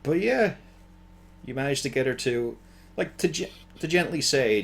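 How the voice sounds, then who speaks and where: Lively laughing male game master. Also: mid-range voice, normal speed, vocal fry, breathy edge. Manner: laughs often, animated. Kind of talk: narrating a tabletop game.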